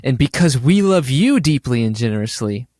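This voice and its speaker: A man's voice: medium pitch, very animated, normal speed, darkish tone, no echo, clean studio sound. A man co-hosting a podcast, speaking in an earnest, mock-sentimental way in casual chat. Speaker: podcast co-host.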